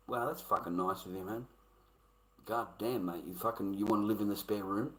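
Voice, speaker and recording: A man's voice: fairly low pitch, steady tone, fairly quick, fairly bright tone, low-quality recording. A man ranting bluntly and profanely at his live-stream chat. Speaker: livestreamer.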